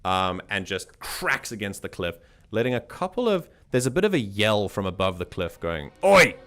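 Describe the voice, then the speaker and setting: A man's voice: fairly low pitch, very animated, normal speed, a bit bright. A man narrating and ruling as game master in a tabletop game, rambling with many restarts. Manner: rambling, frequent restarts, chuckling.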